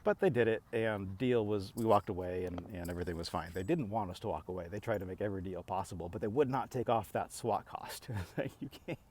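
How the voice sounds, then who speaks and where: A middle-aged man talks straight to camera in a loose, rambling vlog style. His voice sits a little low, and he stumbles through restarts while acting out both sides of a back-and-forth with plain exasperation. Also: quick pace, few pauses, a little mellow, a little hiss or hum. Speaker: vlogger. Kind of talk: casual talking-to-camera rant.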